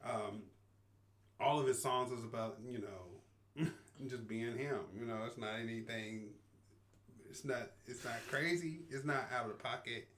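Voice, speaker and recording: A man's voice: medium pitch, a little slow, fairly bright tone. A man co-hosting a podcast, chatting in an easygoing, slangy way and laughing often. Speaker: podcast co-host. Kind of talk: casual chat.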